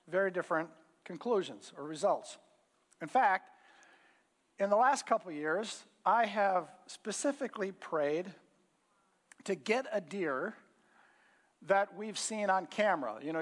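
A middle-aged pastor with a high, somewhat bright voice preaches through homespun storytelling, filling his speech with fillers. The sound carries hall reverb.

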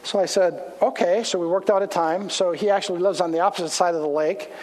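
A man's voice: high voice, fairly even intonation, fast, a little mellow. A man, a pastor, telling a casual anecdote as part of a sermon in a church. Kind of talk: storytelling sermon. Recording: long hall reverb.

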